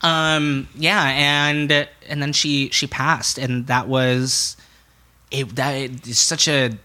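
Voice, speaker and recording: A man's voice: mid-range voice, little pitch movement, slow, pushed and bright. A young man telling a personal story as a podcast guest, speaking frankly, swearing freely and acting out what other people said. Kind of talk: candid conversational storytelling.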